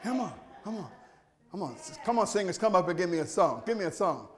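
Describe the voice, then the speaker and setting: Pastor guy preaching in church, really high voice, folksy, calls out to the crowd. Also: sing-song, quick pace. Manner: call-and-response preaching, rising to shouts; plain folksy speech, coaxing the congregation. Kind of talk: sermon. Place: church sanctuary.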